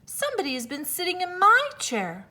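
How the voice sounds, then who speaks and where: A woman voicing the middle-sized mother bear in a read-aloud fairy tale, in a raised, even tone. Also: very high voice, normal speed, voice pushed up, exaggerated voice. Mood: indignant.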